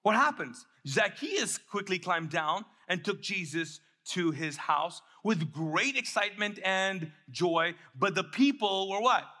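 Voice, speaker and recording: A man preaching a sermon as pastor, acting out quotes with energy and dropping to a soft, intimate tone. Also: sits high, unhurried, hardly any pauses. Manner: animated, acts out quotes, drops to soft intimate tone. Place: church.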